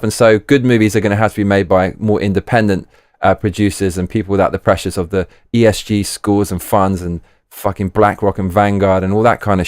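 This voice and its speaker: A man's voice: medium pitch, dry recording, studio quality. A man giving a casual spoken film review, blunt and profane, often repeating himself for emphasis. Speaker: movie reviewer. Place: living in Japan.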